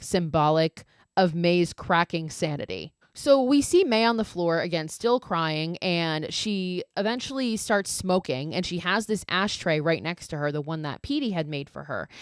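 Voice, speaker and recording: A woman's voice: on the low side, dry recording, studio quality. A woman podcast host casually recapping a film, peppering it with "like" and profane, exasperated asides. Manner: fillers of "like" throughout.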